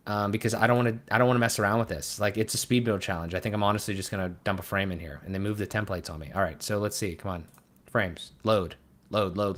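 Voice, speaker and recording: Young male streamer with a lowish voice, muttering and rambling nervously as he works. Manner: rambling, self-deprecating, flustered muttering. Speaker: web design streamer. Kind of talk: live-stream commentary while working.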